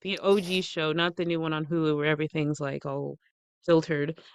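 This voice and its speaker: A woman's voice: low-pitched, flat delivery, fairly quick, smooth, dry recording, clean studio sound. A woman of middle age co-hosting a podcast, chatting casually with wry humor, laughing often and swearing freely. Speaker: podcast co-host. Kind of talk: casual gossip chat.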